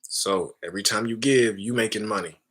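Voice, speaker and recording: A man's voice: on the low side, fairly quick, a bit bright. A man giving a casual spiritual teaching talk, calling listeners family and often adding "right?". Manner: casual, addresses listeners as family, frequent tag questions.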